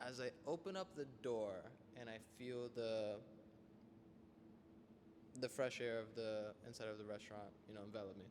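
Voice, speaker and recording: A young man from Florida hosting a casual podcast and telling a story in an animated, vivid way. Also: on the low side, normal speed. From Florida, United States. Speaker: podcast host. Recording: reverberant room with faint noise.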